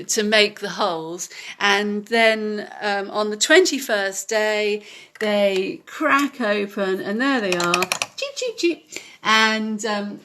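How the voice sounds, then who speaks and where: A woman giving a casual home tutorial, explaining gently with many hesitant ums. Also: mid-range voice. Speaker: home demonstrator.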